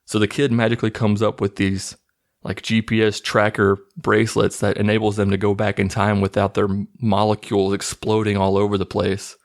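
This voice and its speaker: Gravelly, low-voiced sarcastic man. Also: monotone, fairly quick. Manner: mocking, incredulous, loose. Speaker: movie recap host. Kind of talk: casual sarcastic movie recap.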